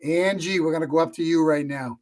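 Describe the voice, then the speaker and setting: A man's voice: on the high side, fairly quick, a little mellow. Upbeat man hosting a video call. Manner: upbeat, joking asides. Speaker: host.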